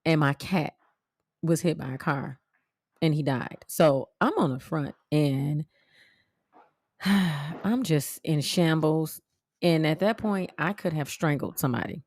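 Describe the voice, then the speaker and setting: Low gravelly woman podcaster, blunt and cussing, dry close sound. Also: no room sound. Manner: blunt, profane, animated retelling. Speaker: podcast host. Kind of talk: casual storytelling monologue.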